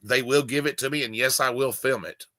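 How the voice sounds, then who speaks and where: Male video host, casual heated commentary, bright tone, dry close mic. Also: mid-range voice, brisk, no room sound. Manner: emphatic, indignant, doting with his dog.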